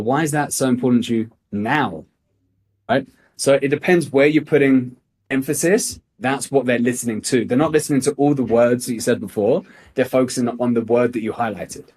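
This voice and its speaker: A young male sales coach giving a motivational lesson. He talks in an emphatic, blunt way and swears freely. His voice sits at an ordinary male pitch. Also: mellow, slightly rough. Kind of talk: motivational teaching talk.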